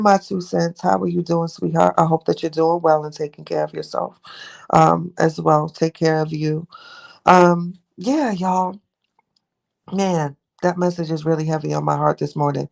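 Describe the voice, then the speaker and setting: A woman's voice: low-pitched, vocal fry, darkish tone. A young woman hosting a livestream, chatting and rambling affectionately with her viewers. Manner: rambling, affectionate, talks to chat by name. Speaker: livestream host. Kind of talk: casual live chat with viewers.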